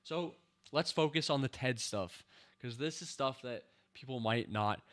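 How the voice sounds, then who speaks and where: A man's voice: medium pitch, unhurried. Exasperated male reviewer, casual rant into his own mic, mid-range voice. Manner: exasperated, animated ranting with slang. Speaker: show reviewer. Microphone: personal microphone.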